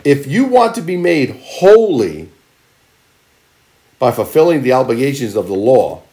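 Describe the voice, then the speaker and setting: A male pastor preaching a sermon, reading scripture and driving points home with emphatic, punchy delivery that swings between loud and soft. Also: mid-range voice, sing-song, a little slow, pauses often.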